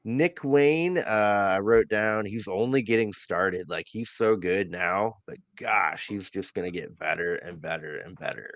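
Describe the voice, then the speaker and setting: A man's voice: low voice, measured pace, few pauses, no echo, highs cut off. A man co-hosting a wrestling podcast, recapping a show casually with many fillers and easy laughs. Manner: relaxed recap with many ums and uhs, laughs easily. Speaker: podcast co-host. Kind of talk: casual wrestling review chat.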